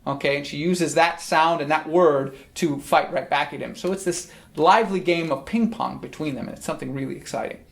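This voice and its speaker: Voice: medium pitch, brisk, gravelly, few pauses. A teacher explaining a text in a recorded lesson, friendly, often checking in with "okay?". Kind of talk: recorded lesson on Shakespeare's language.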